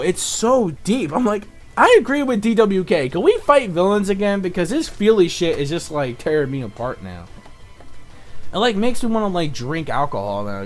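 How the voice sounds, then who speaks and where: A young man reviewing a cartoon episode in casual, rambling talk, excitable and profane, full of fillers, now and then mock-shouting in a high, exasperated voice. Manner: rambling, excitable, swears a lot, fills with "like" and "you know".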